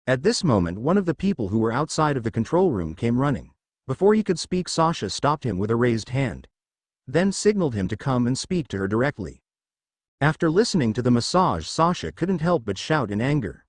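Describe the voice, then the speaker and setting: A man reading fan fiction aloud in a plain, steady way. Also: medium pitch, normal speed, no room sound, clean studio sound. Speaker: story reader.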